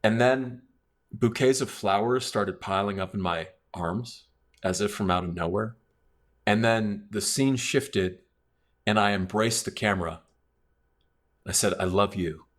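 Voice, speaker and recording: A man's voice: lowish voice, a little slow, long pauses. A man casually telling a long personal story on a podcast, loose and rambling with plenty of fillers. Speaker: podcast guest.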